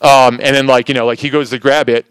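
A man preaching in a casual sermon, telling a testimony in an animated, storytelling way, with lots of "like" fillers. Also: mid-range voice, quick pace, clear, resonant tone, dry recording, poor audio.

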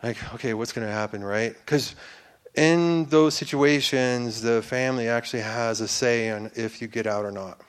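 A man's voice: mid-range voice, moderate pace, few pauses, clear, resonant tone. A man giving a personal faith testimony in church, earnest and rambling, with restarts and fillers, building to fervent preacher-like declarations.

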